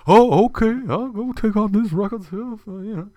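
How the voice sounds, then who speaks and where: A man's voice: high-pitched, moderate pace, dark tone, dry recording, lo-fi sound, pitched above the performer's own voice, lightly acted. A man voicing an older male piano player who talks in a humble, polite and deferential way.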